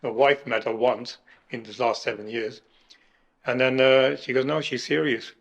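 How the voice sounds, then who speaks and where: A middle-aged man recounting his kidney transplant in an emotional interview, halting and restarting as he speaks. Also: medium pitch, fairly even intonation, gravelly, a bit bright, dull audio. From United Kingdom. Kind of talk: emotional personal account.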